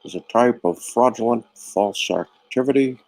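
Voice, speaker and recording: A man putting on a pompous male prosecutor addressing a jury in a slightly lower voice. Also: normal speed, darkish tone, no echo, close to an everyday voice, rough recording. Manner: pompous, orating.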